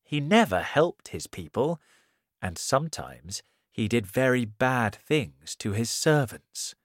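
A man reading a simple story aloud in a slow, clear storytelling manner. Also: mid-range voice, big pitch swings, no echo, studio quality. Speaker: narrator. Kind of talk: scripted story narration.

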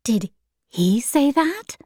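A woman voicing a shy, earnest young woman, speaking quietly and sometimes near a whisper. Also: fairly high pitch, sing-song, slow pace, dry recording, studio quality, voice pushed up, heavily acted.

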